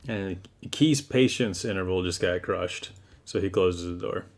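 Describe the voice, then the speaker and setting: A man's voice: low-pitched, a little slow. A young man playing a tabletop role-playing game, talking casually and getting exasperated, with frequent swearing.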